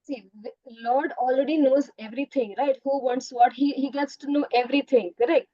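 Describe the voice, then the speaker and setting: A woman's voice: high voice, steady tone, fairly quick, no echo. A woman teacher on a video call, patiently explaining a story to children and calling them "beta". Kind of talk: online class answering students' questions. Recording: dull online call audio.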